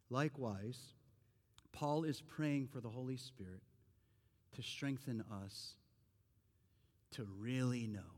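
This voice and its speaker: A man's voice: mid-range voice, darkish tone. A man in his forties, a pastor giving a sermon in a conversational, earnest way that builds to emphatic points. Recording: long reverb of a large hall.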